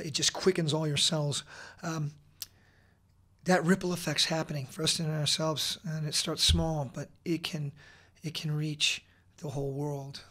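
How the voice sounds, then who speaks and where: A middle-aged man talking as a podcast guest, earnest and energetic, with many fillers and restarts. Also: fairly high pitch. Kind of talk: casual interview talk.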